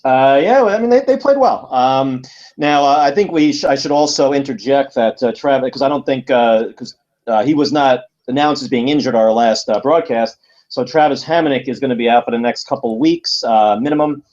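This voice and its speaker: A man's voice: medium pitch, a little fast, darkish tone, lo-fi sound. A man co-hosting a casual sports podcast, talking at length with many fillers and frequent laughs. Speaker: podcast co-host.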